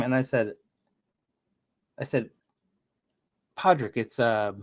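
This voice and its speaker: A man's voice: mid-range voice, takes it slowly, pauses often, lo-fi sound. A man hosting a casual livestream chat, telling rambling stories and laughing often. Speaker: streamer.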